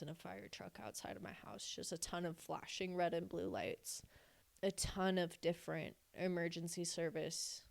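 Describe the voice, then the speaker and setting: A woman's voice: on the low side, vocal fry. A young woman earnestly retelling a painful personal story, acting out quoted dialogue as she goes. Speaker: person sharing her testimony.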